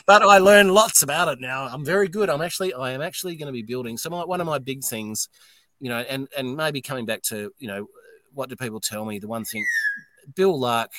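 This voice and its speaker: A man's voice: mid-range voice, brisk, no echo. Blunt, swearing Australian man. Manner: blunt, swearing, animated storyteller. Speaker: distillery owner, interview guest. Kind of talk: casual podcast interview.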